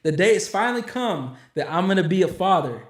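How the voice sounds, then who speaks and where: A young man with a fairly high voice hosts a church podcast, rambling and preachy as he chats. His voice rings around an echoey room. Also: very animated, a little fast. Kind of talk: casual chat.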